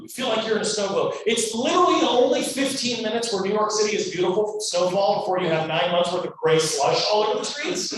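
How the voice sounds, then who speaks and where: A man from Louisiana giving a motivational storytelling speech, animated and acting out every character in his story. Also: sits high. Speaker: guest speaker. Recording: echoey hall, mic far off, faint noise.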